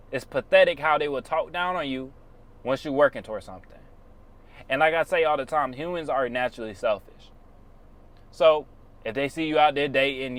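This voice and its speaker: A man's voice: medium pitch, fairly bright tone. Blunt man giving slangy life advice. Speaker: YouTuber. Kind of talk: casual motivational monologue.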